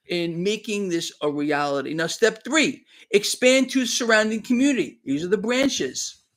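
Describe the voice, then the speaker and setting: A man talking fervently on a live stream, emphatic and repeating himself. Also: high-pitched. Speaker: online commentator.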